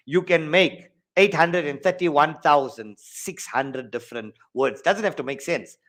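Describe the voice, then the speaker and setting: A man with a South African accent teaching an online exam-prep maths lesson over a video call, lively and jokey, counting steps out loud. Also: mid-range voice.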